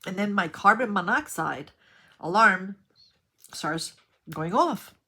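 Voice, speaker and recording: A woman's voice: medium pitch, takes it slowly, slightly rough. A woman vlogger telling a rambling story in a chatty way while she sorts her craft supplies. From New York. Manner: chatty, rambling, animated when retelling.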